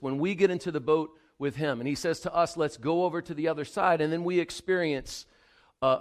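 Earnest male pastor preaching a sermon. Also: fairly high pitch. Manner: earnest, rising to emphatic appeals to the congregation.

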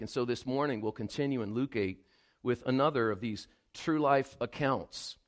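A man preaching a sermon at a mid-range pitch. His tone is earnest, and he builds to emphatic, direct appeals to his listeners. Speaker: pastor.

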